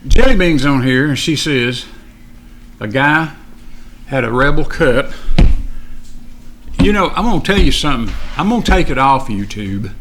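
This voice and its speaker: A man's voice: medium pitch, lively intonation, unhurried, long pauses, noisy background. Rambling male live-stream host. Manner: rambling, reads viewer chat aloud, talks to someone off-mic; gets fired up and ranting. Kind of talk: casual live-stream chat.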